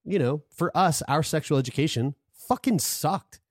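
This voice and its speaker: A man's voice: a little high, expressive, moderate pace, no room sound, studio quality. A man co-hosting a podcast, talking in a loose, rambling way with lots of restarts and swearing. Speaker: podcast co-host. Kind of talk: casual chat.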